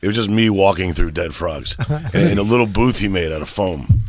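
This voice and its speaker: A man's voice: deep voice, a little fast, dry recording. A middle-aged man with a New York accent, a guest telling loose, laughing stories in casual chat. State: out of breath. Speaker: guest comedian.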